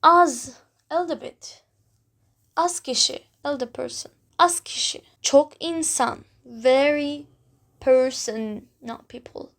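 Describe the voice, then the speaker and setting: A Turkish language teacher, a woman with a high, fairly bright voice, slowly guides beginners through pronunciation. She patiently repeats words several times and draws out her examples. Her English is non-native, with simple phrasing and small grammar slips.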